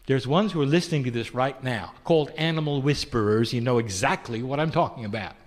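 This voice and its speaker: A man giving a channeled spiritual talk, posing gentle rhetorical questions and calling the listener "dear one". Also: medium pitch, in a large hall.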